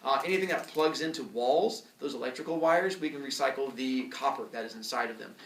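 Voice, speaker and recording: A man's voice: mid-range voice, a little fast, a little hiss or hum. A man teaching a class, explaining his points system with dry jokes and mock student voices. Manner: joking, lively, puts on kid voices for effect. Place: school classroom. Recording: echoey classroom, far from mic.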